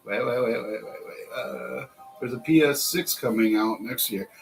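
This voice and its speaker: A man's voice: medium pitch, normal speed, creaky, soft background music, rough recording. Rambling American man, chatty host. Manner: rambling, chatty, laughs often. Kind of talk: casual livestream chat.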